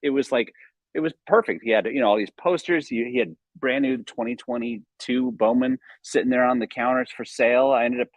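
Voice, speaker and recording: A middle-aged man from the United States, a sports card collector, telling stories in an energetic, enthusiastic way. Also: medium pitch, a little fast, no room sound, rough recording. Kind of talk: casual storytelling.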